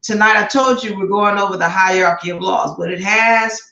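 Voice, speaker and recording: A woman's voice: mid-range voice, moderate pace, pushed and bright, highs cut off. A woman hosting an online law class on a livestream, chatting casually, greeting viewers one by one and repeating her words. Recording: echoey room.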